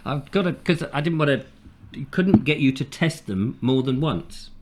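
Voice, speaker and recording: A man's voice: fairly high pitch, lively intonation, moderate pace, darkish tone, a little hiss or hum. A man hosting a casual cooking vlog in his kitchen, chatty and self-deprecating with a chuckle in his talk. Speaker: vlogger host. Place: home kitchen.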